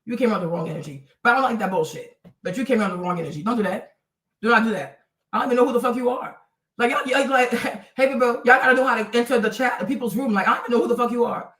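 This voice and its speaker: A woman livestreaming rants bluntly and profanely, speaking straight to her chat. Her fairly high, slightly bright voice moves at a quick pace. The recording sounds roomy and distant.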